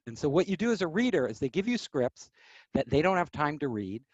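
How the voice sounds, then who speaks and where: Man, lively storytelling, slightly high voice, dull dry recording. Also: brisk, slightly rough, dry recording. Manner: animated, acts out quoted voices. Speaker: interview guest. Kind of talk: casual storytelling.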